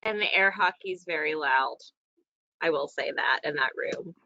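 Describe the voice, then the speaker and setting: Bright-voiced woman hosting a video call. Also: low-pitched, a little slow, creaky, slight background noise. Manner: playful, joking. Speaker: support group moderator. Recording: muffled video call audio.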